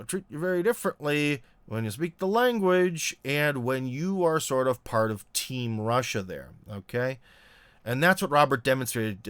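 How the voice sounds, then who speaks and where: A man with a smooth, clear voice and a middle pitch talks in a loose, rambling way, full of pauses and restarts. He is from the United States and hosts a casual commentary channel. The sound is dry and close. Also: a bit bright, no room sound. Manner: rambling, many fillers and restarts. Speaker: host.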